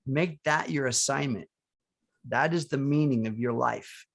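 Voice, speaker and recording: A man's voice: mid-range voice, a little slow, creaky, fairly bright tone. A man co-hosting a live online talk, speaking earnestly and motivationally about surrender and focusing on joy. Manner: earnest, motivational, with restarts and chuckles. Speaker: co-host. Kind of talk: spiritual coaching talk.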